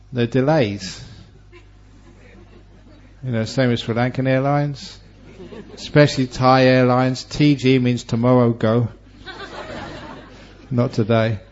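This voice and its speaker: A man who is a Buddhist monk teacher, giving a Dharma talk and telling stories with humor and lively, varied delivery. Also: medium pitch. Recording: dull lo-fi recording.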